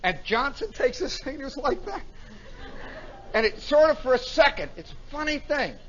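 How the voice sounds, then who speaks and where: A man telling a story live at a nightclub, animated, acting out sound effects and voices as a radio host, on a dull 1960s recording. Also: very high voice.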